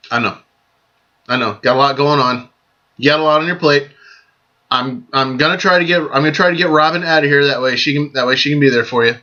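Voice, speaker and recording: A man hosting a casual vlog, giving friendly, joking birthday shout-outs to friends and often repeating himself as he goes. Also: medium pitch. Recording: dull lo-fi sound.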